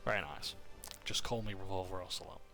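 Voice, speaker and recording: Casual male game recapper, lower voice with a bright edge, faint music underneath. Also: brisk. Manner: casual, with fillers, jokes and self-corrections. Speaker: player recapping a session.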